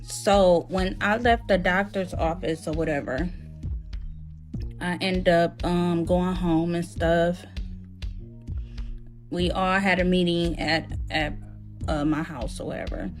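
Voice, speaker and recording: A woman's voice: lowish voice, fairly even intonation, slow, long pauses, soft background music. A woman telling a personal story in casual speech, rambling with fillers and swearing freely. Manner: rambling with many fillers, acts out quotes loudly. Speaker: storyteller in a reaction clip. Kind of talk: casual storytime, profane and candid.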